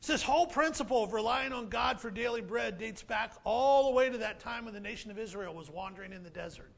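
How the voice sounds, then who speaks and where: High, gravelly, animated preacher man. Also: quick pace. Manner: animated, playful, repeats key phrases. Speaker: pastor. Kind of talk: sermon.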